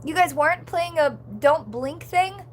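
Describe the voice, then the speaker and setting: Young woman streamer, high voice, chatty and rambling, fillers everywhere; casual chat with viewers. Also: a little slow, a little hiss or hum. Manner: reads chat comments aloud. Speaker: livestreamer.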